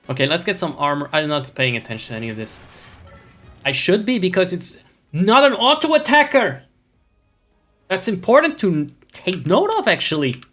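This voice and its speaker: A man's voice: sits high, big pitch swings, normal speed, long pauses, bright, forceful tone, faint music behind. Wry rambling man streaming a game. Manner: rambling, wry, swearing, mock-imperious. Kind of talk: casual gameplay chat with viewers.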